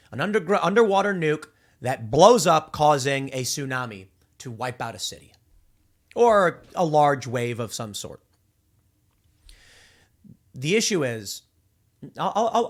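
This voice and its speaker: A man in his thirties hosting casual political commentary, talking in an animated way, acting out voices and restarting his sentences often. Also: medium pitch. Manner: animated, acts out voices mid-story, frequent restarts.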